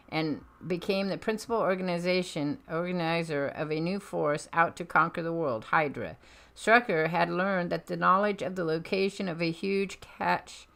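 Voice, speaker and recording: A woman's voice: low voice, creaky, fairly bright tone. Woman streamer reading a comic aloud. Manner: chatty, self-deprecating asides.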